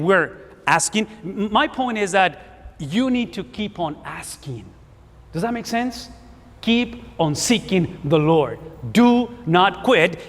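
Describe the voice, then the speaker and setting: A man's voice: sits high, a bit bright. A man in his fifties, a native Spanish speaker with a Spanish accent, preaching an emphatic sermon and often repeating words for stress. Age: 50s. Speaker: pastor. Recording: hall reverb.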